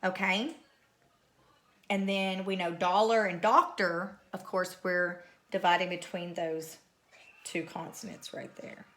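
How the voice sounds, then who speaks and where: A woman teacher speaks slowly and patiently, repeating each word for young pupils in a recorded phonics lesson. Her voice is bright and clear. She keeps an unhurried pace. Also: lowish voice, steady tone. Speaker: third grade teacher.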